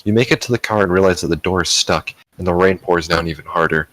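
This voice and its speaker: A man's voice: low-pitched, fast talker, a bit bright, no room sound, poor audio. A young man jokingly reading fan fiction aloud, with offhand asides. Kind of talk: comedic read-aloud.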